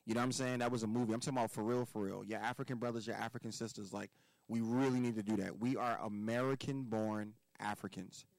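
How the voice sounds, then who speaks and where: A man's voice: fairly low pitch, fairly even intonation, fast talker, creaky, a little mellow, no room sound, poor audio. A man from Philadelphia, a podcast guest giving life advice in casual conversation, emphatic and profane, hammering points home by repeating words.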